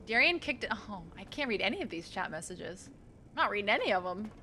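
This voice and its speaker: A woman's voice: medium pitch, big pitch swings, brisk, sharp tone, slight background noise. A young woman with a Boston accent chatting casually to her viewers while she plays a game, self-mocking and talkative. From Boston area. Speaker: streamer. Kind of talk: casual gameplay commentary.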